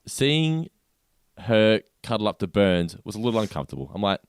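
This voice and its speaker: A man's voice: on the low side, very animated, moderate pace, clean tone, no room sound, studio quality. A man co-hosting a podcast, recapping episode scenes in a chatty manner and laughing easily. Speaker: podcast co-host. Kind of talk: casual review chat.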